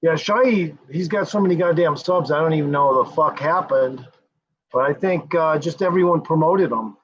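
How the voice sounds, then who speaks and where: A man's voice: on the high side, moderate pace, husky. A man hosting a casual livestream, rambling and cursing freely, often trailing off with fillers. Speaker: livestream host. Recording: dull lo-fi sound.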